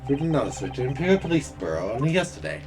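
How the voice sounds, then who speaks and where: A streamer voicing an excitable young male tabloid journalist who talks brashly and rambles on about his scoops, while reading a game's dialogue live. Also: mid-range voice, fast talker, music in the background, voice pushed down, close to an everyday voice. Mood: eager.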